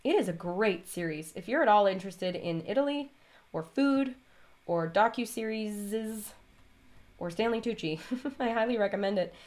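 A woman's voice: medium pitch, normal speed, darkish tone. A woman hosting her stitching vlog, chatting casually and rambling off on tangents while she stitches. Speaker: vlog host and cross-stitch designer.

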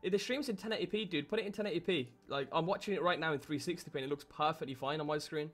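A man's voice: a little high, very fast, fairly bright tone. A man hosting a live game stream, chatting and joking with friends and viewers. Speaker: livestream host. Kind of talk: casual chat while streaming.

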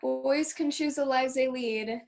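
Prim careful young sister, high and slow, music in back. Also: female voice, gravelly. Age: teens. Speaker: student actor.

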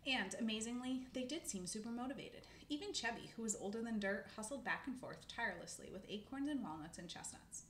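Woman narrator, children's book, animated, echoey room, faint noise. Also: fairly high pitch, fairly quick, hardly any pauses. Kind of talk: reading a children's book aloud.

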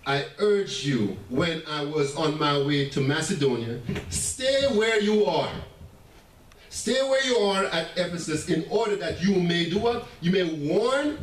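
A man preaching a sermon as pastor, animated, with laughing asides and stammering restarts. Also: a little high. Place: church sanctuary. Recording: echoey church room heard from a distance.

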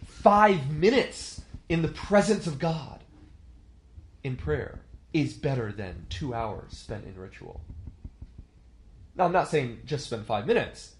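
A man in his thirties teaches a church leadership class in a relaxed, conversational way. He checks in with the class and acts out little quotes. His voice sits a touch high, with a faint hiss in the recording. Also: slow, long pauses.

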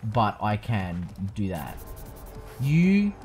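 A man's voice: medium pitch, moderate pace, over music. A young man casually commentating a video game playthrough, joking and swearing freely. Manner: profane, joking, animated. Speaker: let's play host.

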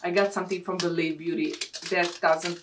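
A woman vlogger from Sweden chatting casually and excitedly as she unboxes beauty products. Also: on the low side, normal speed. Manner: excitable, gushing over products. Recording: distant mic with clear background noise.

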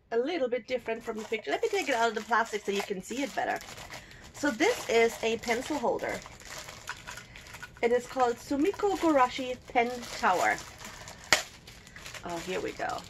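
A woman's voice: on the high side, a little hiss or hum. Chatty woman cooing over cute things. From Germany. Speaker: unboxing vlogger. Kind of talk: casual unboxing chat.

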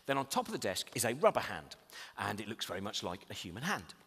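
A man's voice: lowish voice, fast, husky. A man giving a comic lecture in a large hall, rambling and interrupting himself. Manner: rambling, self-interrupting, animated. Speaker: comedian giving a talk. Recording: reverberant hall.

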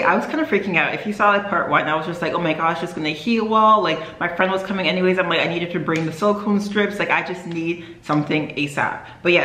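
A woman's voice: lowish voice, bright, forceful tone. Chatty young woman vlogging in echoey room. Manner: rambling, chatty, many fillers and self-corrections. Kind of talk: casual vlog chat to camera.

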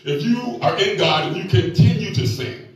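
Animated older preacher, high voice, echoey hall. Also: male voice, moderate pace, a crowd in the background. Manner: animated, folksy, joking storyteller. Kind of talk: sermon with call-and-response. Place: church sanctuary. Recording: echoey church hall from far off, faint music.

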